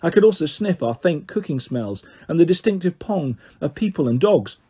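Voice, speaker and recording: A man reading a children's story aloud in a lively, expressive way. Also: a little high, moderate pace, slightly rough.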